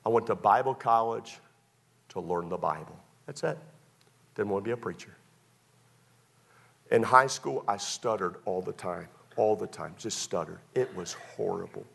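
A male pastor preaching a sermon through personal stories, swinging between loud excited bursts and hushed confessions. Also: fairly low pitch, moderate pace, creaky, long pauses, breathy edge.

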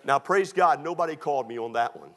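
A man's voice: on the high side, animated, quick pace, slight background noise. A man, preaching a sermon in a folksy, humorous way, acting out the dialogue of his stories. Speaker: pastor. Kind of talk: storytelling sermon.

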